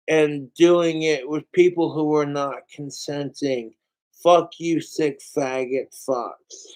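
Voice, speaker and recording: A man's voice: on the high side, darkish tone. A man hosting a podcast, ranting in a casual, heated and profane way. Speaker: podcast host.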